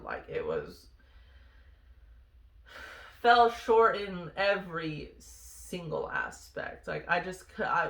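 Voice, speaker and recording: Woman, ex-Marine vlogger; candid, exasperated storyteller with a sharp bright tone, roomy echo. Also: fairly low pitch. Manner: candid, exasperated, swears freely. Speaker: former Marine telling service stories. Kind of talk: casual storytelling vlog.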